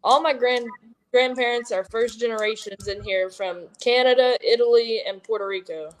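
A twenty-one-year-old woman from Kentucky with an Appalachian accent, a wrestler talking loudly and rambling in an interview. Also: on the high side, normal speed. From Kentucky, USA. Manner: loud, rambling, self-deprecating. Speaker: professional wrestler. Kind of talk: casual interview chat.

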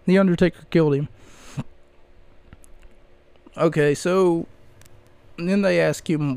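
A man's voice: fairly high pitch, steady tone, brisk, a little mellow, no room sound. A man hosting a podcast, talking casually and rambling with lots of fillers into a close microphone. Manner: rambling, chatty, frequent fillers. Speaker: podcast host. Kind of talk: casual solo commentary.

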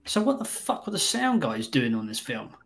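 A man's voice: medium pitch, sing-song, moderate pace, gravelly, a bit bright. A man hosting a film review podcast, chatting casually with blunt, sweary remarks. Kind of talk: casual chat.

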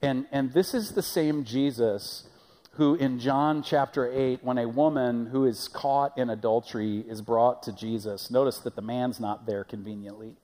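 A man's voice: mid-range voice, steady tone, moderate pace, mellow. A male pastor preaching a sermon in a conversational way, often asking the congregation questions, recorded in a church sanctuary. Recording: long reverb of a church hall.

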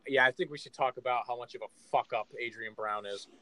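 Fast-talking, rowdy man swearing freely. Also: mid-range voice, dry recording, rough recording. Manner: rowdy, animated, heavy swearing. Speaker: sports podcast co-host. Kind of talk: casual chat.

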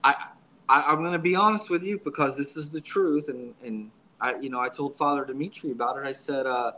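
A man's voice: mid-range voice, brisk, pushed and bright, a little hiss or hum, low-quality recording. Earnest man who stumbles over repeated words. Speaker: interview guest, subdeacon. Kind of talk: casual storytelling in an interview.

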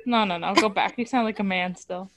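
A woman's voice: medium pitch, fairly quick. A woman in casual chat, playful and laughing, coaching the others as they read.

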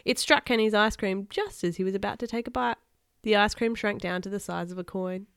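A woman reading a children's book aloud to live viewers, expressive and chatty between passages. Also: mid-range voice, brisk, creaky, smooth, no room sound, studio quality. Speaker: storybook reader.

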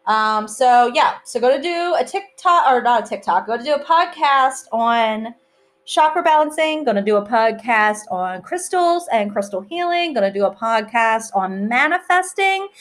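A woman hosting her own podcast, talking in a chatty, rambling way and poking fun at herself as she goes. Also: on the high side. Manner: chatty, rambling, self-mocking. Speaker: podcast host. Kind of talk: casual solo podcast chat.

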